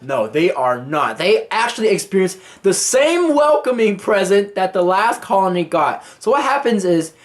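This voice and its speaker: A man's voice: sits high, sing-song, moderate pace, hardly any pauses. A man casually reviewing a movie, swearing freely as he retells scenes. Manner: casual and profane, acting out scenes.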